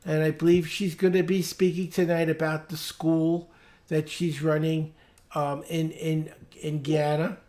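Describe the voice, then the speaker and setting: A woman's voice: low voice, little pitch movement, a little slow, dark tone. A woman leading a small club's business meeting over a video call, talking informally and hesitantly as she checks her calendar aloud. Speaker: club meeting leader.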